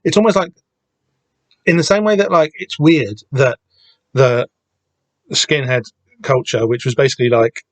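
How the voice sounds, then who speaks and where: A man's voice: mid-range voice, no echo. Hesitant man with a dry voice. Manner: hesitant, lots of restarts and casual swearing. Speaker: podcast host discussing a comic. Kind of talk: casual rambling commentary.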